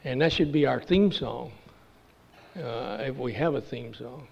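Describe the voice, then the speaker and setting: An older man from Texas shares his story at a recovery meeting, pausing often in a halting, folksy way. His voice has a gravelly rasp and sits at an ordinary pitch. The dull, lo-fi recording carries a long reverb from the meeting hall. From Texas, USA. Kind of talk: personal testimony at a meeting. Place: meeting room.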